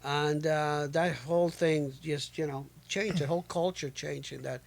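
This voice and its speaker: A man's voice: fairly high pitch, steady tone, normal speed, creaky. Chatty man hosting a radio interview. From New York. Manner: laughing, interjecting, loose and talkative. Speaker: radio show host. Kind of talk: casual interview chat.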